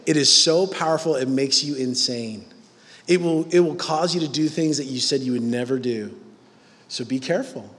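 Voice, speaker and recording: A man's voice: mid-range voice, moderate pace, fairly bright tone, long reverb tail. A man preaching a sermon in a conversational, emphatic way.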